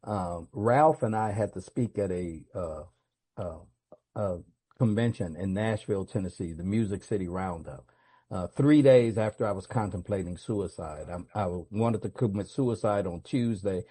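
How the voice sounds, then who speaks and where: A man's voice: lowish voice, moderate pace, warm tone, breathy edge. A man, a guest speaker at a recovery meeting, answers a question with earnest, confessional storytelling. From United States.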